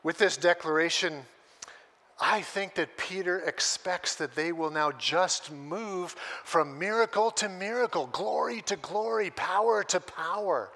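Bright-voiced man preaching with animated storytelling. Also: high-pitched, a little slow. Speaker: pastor. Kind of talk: sermon.

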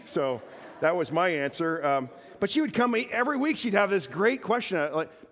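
A man's voice: high voice, sing-song, normal speed, fairly bright tone. A male pastor preaching a sermon in a conversational style with joking asides. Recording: reverberant church hall.

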